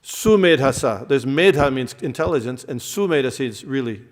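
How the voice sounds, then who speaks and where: Male lecturer, mid pitch, teaching a temple class. Explains terms, quizzes the room. Long hall reverb. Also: animated, normal speed. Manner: explains terms, quizzes the audience, frequent fillers and restarts.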